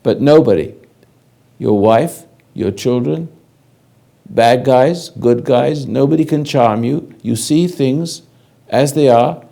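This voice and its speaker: An older man, a spiritual teacher, gives a slow, halting lecture, addressing a listener directly in a commanding way. His mid-range voice is warm, with vocal fry.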